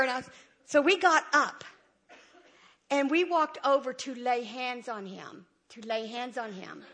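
A woman giving a lively, humorous church testimony and acting out the dialogue as she goes. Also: sits high. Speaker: church speaker sharing a testimony. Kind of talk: animated storytelling testimony.

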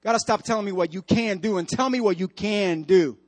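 Emphatic high-voiced male preacher. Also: a little fast. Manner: emphatic preaching with repetition and direct questions to the congregation. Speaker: pastor. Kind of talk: sermon. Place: church.

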